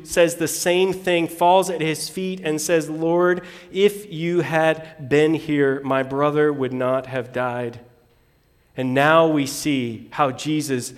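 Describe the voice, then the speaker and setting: A man preaching a sermon, reading scripture aloud and swinging between loud bursts and hushed lines. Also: mid-range voice, in a large hall. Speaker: pastor.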